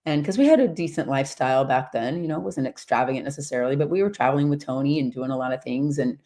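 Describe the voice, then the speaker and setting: Woman, 50s, casual storyteller, loose and rambling, animated, laughs easily. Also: a bass voice, fast. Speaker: horse-based coach and community host.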